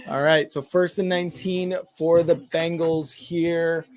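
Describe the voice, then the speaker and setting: A man calling a football game as a casual fan announcer, relaxed, reading out downs and yardage and laughing along. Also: on the high side, a little slow. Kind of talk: casual play-by-play commentary.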